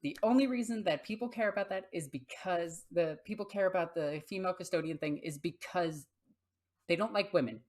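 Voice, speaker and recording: A woman's voice: on the low side, fairly quick, a little mellow. A young adult woman hosting a casual tabletop gaming video, talking bluntly and swearing freely. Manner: blunt and profane, talks baby talk to her cat. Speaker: YouTube host.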